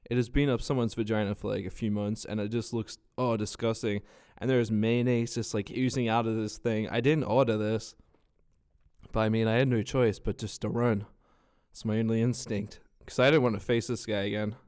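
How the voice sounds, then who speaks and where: A young man with an Australian accent telling rambling, swear-filled stories in a casual vlog, his nose stuffed from a cold. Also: fairly low pitch. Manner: swears a lot, rambling and animated. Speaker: vlogger.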